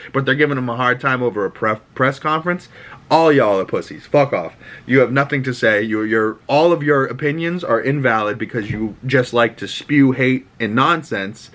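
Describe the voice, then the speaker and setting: Hosting his own show, a young Bostonian runs through a TV episode in a relaxed, foul-mouthed rant, voicing the characters' lines in changing voices. He speaks at normal speed in a medium-pitched, slightly bright voice.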